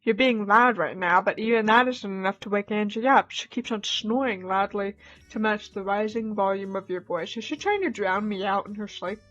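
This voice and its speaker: A woman's voice: medium pitch, moderate pace. A young woman streamer reading a dating game aloud, cutting in with wry, joking asides. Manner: wry, laughing asides between narration. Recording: slightly dull mic, soft game music.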